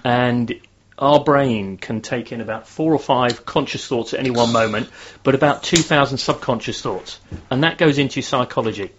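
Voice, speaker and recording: A guest speaker on performance psychology, a man with a mid-range voice, explains how negative phrasing works at a moderate pace and in a conversational tone. Sometimes he enthusiastically leads a group experiment. The dull lo-fi recording has slight background noise.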